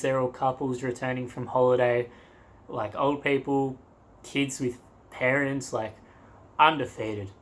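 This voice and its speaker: A man's voice: mid-range voice, fairly bright tone. A young man in a travel vlog, telling a story to the camera in a loose, rambling way, with laughs and crude asides. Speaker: travel vlogger.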